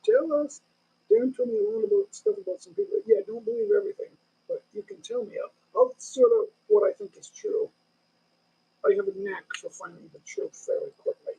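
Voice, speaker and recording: A man's voice: very high voice, big pitch swings, a little fast, vocal fry, mellow, rough recording. A man in his sixties hosting a casual live stream from home, rambling loosely through stories with many restarts. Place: home in the Philippines.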